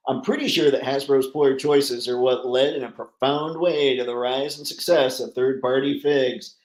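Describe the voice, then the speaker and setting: A man's voice: mid-range voice, fairly even intonation, moderate pace. Man, live stream host, casual rambling chat, mid-range voice, roomy echo. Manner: chatty, rambling, laughs easily. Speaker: livestream host. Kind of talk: casual live chat reading viewer comments.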